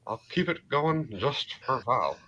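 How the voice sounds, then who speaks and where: A man doing an impression of a middle-aged cartoon propane salesman, reading chat messages in a slow twang. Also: mid-range voice, animated, bright, forceful tone, dull audio, pitched above the performer's own voice, full character voice. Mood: folksy. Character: drawling middle-aged male propane-selling cartoon dad.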